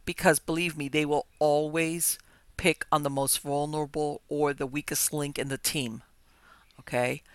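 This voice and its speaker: A woman hosting a podcast interview, talking at length in a lively, chatty way with frequent restarts. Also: low voice, moderate pace, smooth, no room sound. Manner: talkative, lively, restarts often. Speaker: podcast host. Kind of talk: casual interview chat.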